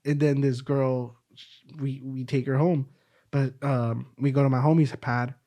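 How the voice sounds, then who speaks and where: A young man in casual podcast chat, telling a story in a relaxed, profane, slangy way. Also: medium pitch, measured pace. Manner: relaxed, profane storytelling full of "bro" and "dude".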